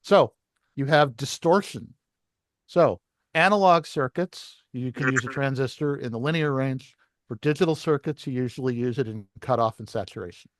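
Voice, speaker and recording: A man's voice: mid-range voice, moderate pace, no room sound. Man lecturing a class, dry sound. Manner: explains step by step, asks the class questions. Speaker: licensing class instructor.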